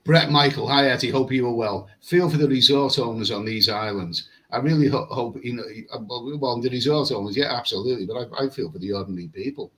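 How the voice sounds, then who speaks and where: Bright-voiced rambling man. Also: mid-range voice, quick pace, few pauses, low-quality recording. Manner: rambling, repeats words, chatty. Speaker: travel vlogger. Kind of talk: casual live stream chat reading comments. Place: hotel room with air conditioning.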